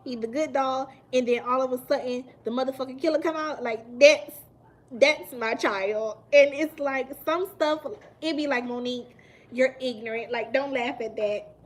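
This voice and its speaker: A woman, chatting casually with viewers on a live stream, animated and emphatic and laughing often. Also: high voice, moderate pace. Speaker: mukbang livestream host.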